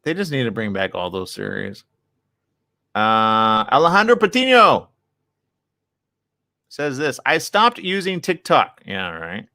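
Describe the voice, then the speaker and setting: Man, radio host, chatty, bright animated voice, studio mic. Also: fairly low pitch, gravelly. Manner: lively, chatty, quick asides. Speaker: radio morning show host. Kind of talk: casual radio chat and news reading.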